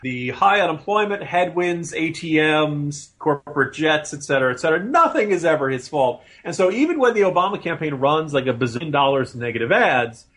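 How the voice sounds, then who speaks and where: A man's voice: on the high side, expressive, a little fast, hardly any pauses, fairly bright tone. A man as regular co-host of a political commentary podcast, sarcastic and emphatic.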